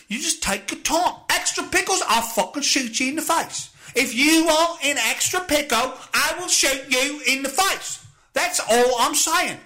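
A man voicing a hot-tempered male fast-food security guard who rants profane threats at customers. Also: very high-pitched, bright, forceful tone, pitched above the performer's own voice, exaggerated voice. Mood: mock-friendly threatening. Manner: profane, menacing rant.

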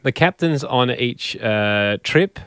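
A man's voice: mid-range voice, lively intonation, slow pace, a bit bright, clean tone, dry recording. A man co-hosting a comedy show, easygoing and setting up bits in casual banter. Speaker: radio comedy co-host.

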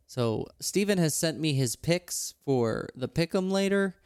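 A man's voice: fairly high pitch, lively intonation, darkish tone, smooth, no echo, studio quality. A man hosting a casual sports podcast, joking and running through the news in an upbeat way. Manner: jokey, upbeat, talks through news quickly. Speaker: podcast host.

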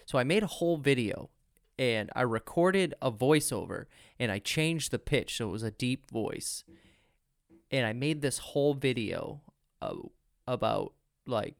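A man's voice: medium pitch, measured pace, vocal fry, dry recording, clean studio sound. A man hosting a podcast, telling a long personal story in casual chat with some fillers. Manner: earnest storyteller, many fillers. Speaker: podcast host.

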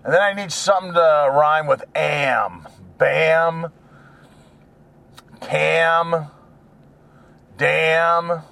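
A man talks to himself in a goofy, rambling way from a car, breaking into silly made-up song lines. His voice sits high, and he takes his time between thoughts. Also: drawn-out words, vocal fry, pauses often, pushed and bright. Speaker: vlogger. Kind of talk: rambling solo vlog while driving. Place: inside a car.

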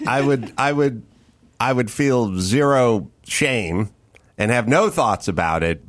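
A man hosting a relaxed podcast conversation, trading wry, deadpan jokes. His voice sits mid-range but moves in wide, animated swings. He lets a joke build slowly through a long setup. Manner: wry, deadpan joking with lively swings in pitch. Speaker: podcast host. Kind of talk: casual podcast chat.

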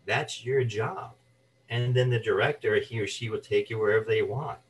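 A man's voice: lowish voice, normal speed, distant mic, a little hiss or hum, rough recording. A man, an actor and voice artist, telling career stories as an interview guest and acting out the people he quotes. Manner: animated anecdotes, acts out quoted voices. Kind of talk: storytelling interview chat.

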